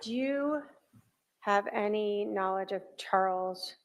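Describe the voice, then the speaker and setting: A woman questioning a witness in a courtroom in a gentle, measured way. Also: mid-range voice. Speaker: trial attorney.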